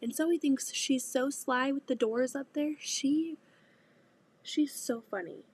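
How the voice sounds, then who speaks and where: A woman's voice: sits high, slow, slight background noise. A woman in her thirties with a cold and a nasal voice, chatting casually and half-whispering as she sews at home. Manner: talks softly, often half-whispering. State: congested with a cold. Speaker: vlogger. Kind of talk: casual chat while sewing. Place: home sewing room, indoors.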